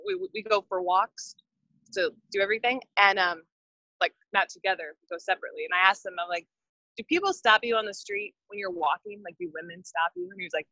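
A woman's voice: mid-range voice, lively intonation, quick pace, sharp tone, dry recording, poor audio. A married woman talking in a casual conversation, opinionated and rambling. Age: adult, married.

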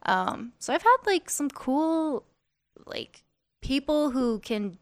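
A woman's voice: high-pitched, big pitch swings, slow pace, dry recording. A young woman, a singer, chatting casually as a podcast guest, laughing often and filling with "like" and "um".

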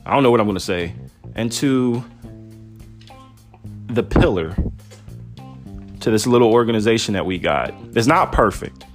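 A man's voice: lowish voice, animated, normal speed, pauses often, faint music behind. A man hosting a podcast, chatting casually and off the cuff, full of jokes and teasing. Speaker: podcast host. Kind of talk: casual chat.

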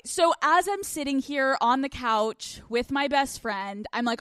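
A young woman hosting a podcast from a couch at home, telling stories in casual, animated chat full of swearing. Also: sits high, measured pace, few pauses, clear, resonant tone, no room sound, studio quality. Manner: animated, profane, storytelling. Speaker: podcast host.

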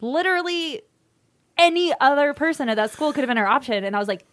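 A chatty, animated woman co-hosting a podcast, talking casually and laughing often. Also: high voice, quick pace, no echo. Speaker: podcast co-host. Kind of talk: casual chat.

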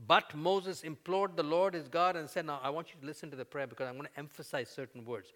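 A man preaching a sermon, conversational with fillers, building to loud, emphatic peaks as he voices prayers. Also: fairly high pitch, fairly even intonation, fast talker, few pauses. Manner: fillers and restarts, conversational teaching.

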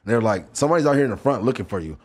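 A man guest on a podcast, telling a story in an animated, profane way and acting out what he said to himself. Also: medium pitch, racing, slightly rough. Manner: excitable, profane, talks to himself in acted asides. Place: podcast studio.

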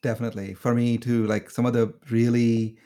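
A man's voice: mid-range voice, a little fast. A man casually recounting an anecdote in a group conversation, acting out the people he quotes. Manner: animated, acts out quotes with laughter. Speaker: phone bank volunteer. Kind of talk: casual storytelling in a group chat.

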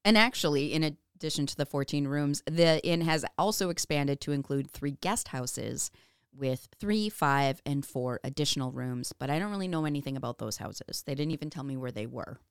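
A woman's voice: low voice, lively intonation, moderate pace, smooth, no room sound, clean studio sound. A woman co-hosting a podcast, reading researched history with casual asides and frequent laughs. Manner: laughs often, reads notes with asides. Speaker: podcast co-host.

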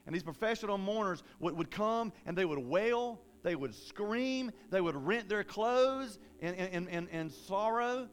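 A man preaching a sermon in a casual, folksy way, with animated bursts of emphasis. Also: high-pitched, unhurried, hardly any pauses, smooth.

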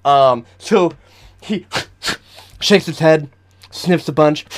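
A man's voice: a little high, drawn-out words, slight background noise. A man running a tabletop game as game master, narrating the action vividly and chatting with frequent fillers.

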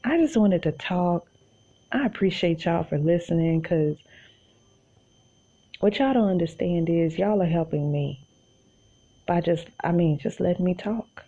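A woman's voice: on the low side, measured pace, pauses often, mellow, slightly rough, highs cut off. A woman from Tulsa with an Oklahoma accent, chatting casually to her podcast listeners from her bed and calling them y'all. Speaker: podcast host. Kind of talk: casual solo monologue.

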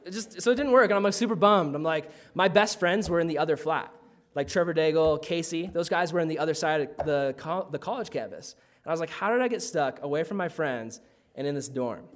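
A man telling a personal faith story in a casual way, full of "like" fillers. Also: a little high.

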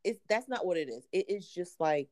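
Low-voiced animated woman chatting. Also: a little fast. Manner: animated, laughs often, lots of "like". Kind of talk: casual chat.

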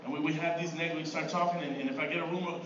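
High-voiced man preaching in an echoey church. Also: fairly even intonation, rapid-fire, lo-fi sound. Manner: conversational preaching with many repeated words and rhetorical "right?". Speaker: pastor. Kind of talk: sermon. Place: church sanctuary. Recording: distant echoey room mic with background noise.

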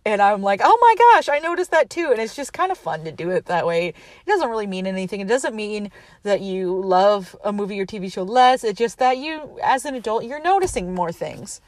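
A woman's voice: medium pitch, moderate pace, darkish tone, no echo. A young adult woman recapping a movie casually on her podcast, chatty, saying "like" a lot and laughing often. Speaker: podcast host.

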